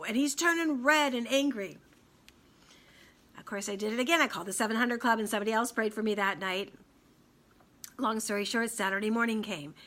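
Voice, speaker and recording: A middle-aged woman and radio host telling a personal story in a casual, animated way, acting out the people she quotes and laughing often. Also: a little high.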